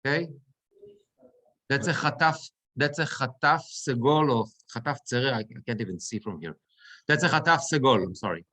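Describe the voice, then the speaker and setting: A middle-aged man, a cantor, teaching Torah reading in an online class over a video call, slow and halting with frequent restarts. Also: mid-range voice, lively intonation, pushed and bright.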